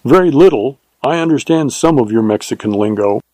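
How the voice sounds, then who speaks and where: A man's voice: medium pitch, lively intonation, fairly quick, a little mellow, no room sound, natural voice, rough recording. A man reading aloud and voicing a cool, terse Texas Ranger in a western story. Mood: guarded.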